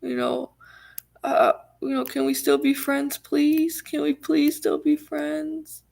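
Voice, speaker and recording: A woman voicing a desperate, clingy young man who begs in a drawn-out, whiny way. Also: a little high, level tone, vocal fry, a little mellow. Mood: pleading.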